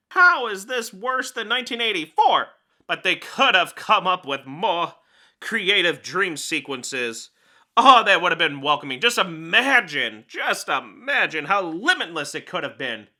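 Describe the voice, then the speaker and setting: A man's voice: high voice, bright, forceful tone. A man hosting a comedic film review, grumbling sarcastically and joking in self-pity.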